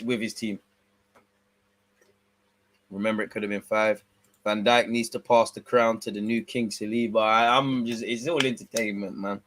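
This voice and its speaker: A man's voice: on the low side, a little hiss or hum. Slangy man calling a live match. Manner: slangy, excitable bursts over calm play-by-play. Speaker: watch-along host. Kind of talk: live football watch-along commentary with banter.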